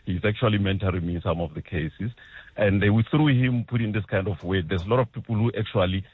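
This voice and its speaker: A man calling a radio show over the phone, talking quickly and earnestly. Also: fairly low pitch, breathy edge, no room sound. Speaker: caller, doctor. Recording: phone line.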